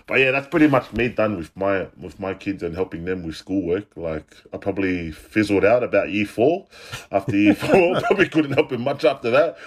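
A middle-aged man with a very low, deep voice, chatting on a podcast. He sounds laid-back and reflective, with plenty of easy fillers between his thoughts. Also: animated, normal speed, breathy edge. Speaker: podcast co-host. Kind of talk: casual chat.

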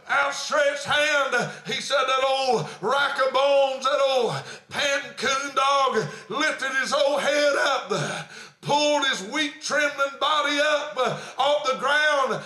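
Pastor, male, storytelling sermon, very high bright voice, echoey sanctuary. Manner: fervent preaching that swells into shouts, with frequent "uh" fillers.

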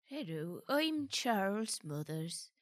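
A woman's voice: medium pitch, very animated, slow, dry recording, clean studio sound. Woman playing a rambling old cockroach farmer. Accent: put-on London. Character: grieving old male cockroach farmer, gin-soaked.

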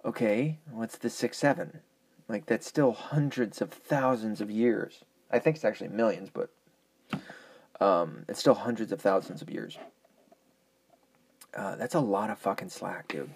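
Male host, deep-ish and breathy, swears freely, argues and drifts off topic. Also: measured pace. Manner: profane, rambling, argumentative. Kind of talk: casual ranting monologue.

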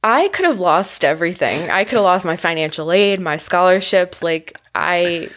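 A woman's voice: on the low side, moderate pace. A woman in her twenties telling stories on a casual podcast, often laughing and acting out what people said. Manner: animated, laughs often, acts out quotes. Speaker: podcast guest. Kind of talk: casual storytelling chat.

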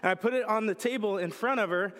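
A man's voice: high-pitched, fast, fairly bright tone. A young male pastor preaching a casual, joking sermon with lots of storytelling. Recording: reverberant hall.

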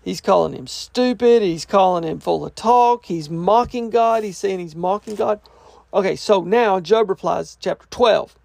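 A man's voice: high voice, moderate pace, creaky, darkish tone, no echo. A man teaching through a scripture passage verse by verse, reading each part aloud and then restating it in plain, casual words. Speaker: Bible teacher.

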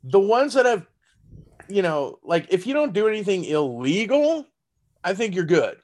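A man's voice: high-pitched, very animated, moderate pace, a little mellow. A man with a Southern accent, a stand-up comedian in casual podcast chat who laughs often and talks loosely with lots of fillers and swearing. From Texas.

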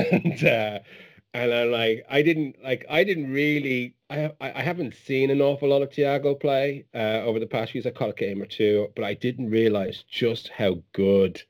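A man's voice: medium pitch, moderate pace. A man talking football in a casual chat, enthusiastic and effusive.

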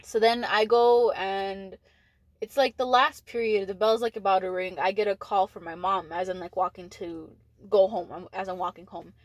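A woman's voice: medium pitch, steady tone, normal speed, no echo, low-quality recording. Rambling, cursing teenage girl storyteller. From Texas. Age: late teens. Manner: rambling, heavy use of "like", frequent swearing. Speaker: podcast co-host. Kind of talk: casual storytelling chat.

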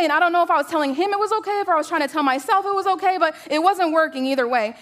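Woman preacher, 30s, chatty storytelling sermon, rhetorical questions, voice a touch high. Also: very fast, few pauses. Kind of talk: sermon with personal stories.

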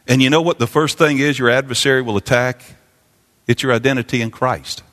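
A male pastor delivering a sermon in a church sanctuary, his voice bright and forceful. He repeats key phrases and swells to fervent peaks. The room carries a long, ringing reverb. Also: medium pitch, fairly even intonation, a little fast.

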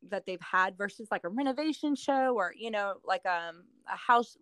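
A woman's voice: medium pitch, lively intonation, normal speed, fairly bright tone, no room sound. A woman from New Orleans, a real estate agent turned TV host, telling stories in a casual chat with lots of laughs and fillers. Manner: giggly, chatty storyteller with lots of fillers.

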